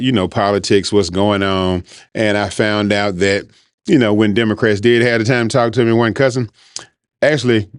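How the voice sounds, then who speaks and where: Low-voiced man rambling casually. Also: no room sound, clean studio sound. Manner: rambling, conversational, informal speech. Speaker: podcast host. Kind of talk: casual monologue.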